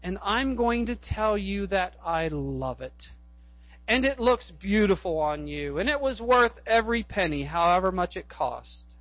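Guy doing a sincere sorry husband, slow and steady, dull lo-fi sound. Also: high voice, no room sound. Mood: earnest. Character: middle-aged husband, earnest and apologetic. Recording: dull lo-fi recording.

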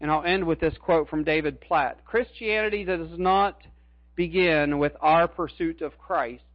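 A man's voice: on the high side, unhurried, no echo, dull audio. A middle-aged man preaching a sermon as a pastor, earnest and emphatic, repeating his key phrases.

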